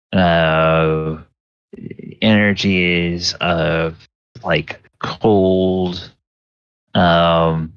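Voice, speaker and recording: A man running a tabletop game as game master, narrating slowly with many pauses and fillers. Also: sits low, clean tone, dry recording. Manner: slow, halting narration with many ums. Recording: slightly dull, lo-fi recording.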